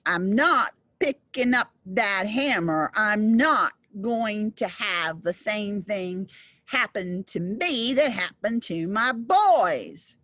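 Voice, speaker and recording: Lady doing a giant grim devil dad, low slow threatening voice, husky, storytelling. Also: animated, a bit bright, dry recording. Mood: menacing. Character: huge menacing father devil, grim.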